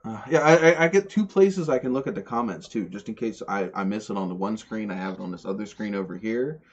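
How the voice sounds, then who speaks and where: Male podcast host, casual and rambling, repeats himself; fairly low voice, dull stream sound. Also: fast talker. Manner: rambling, stumbles and repeats words. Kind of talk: casual livestream chat.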